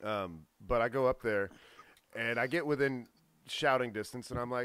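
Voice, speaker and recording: A man co-hosting a casual podcast tells a rambling story, livening up when he acts out the others in it. His voice is smooth and clear at an ordinary pitch. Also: moderate pace, fairly bright tone, no echo. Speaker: podcast co-host.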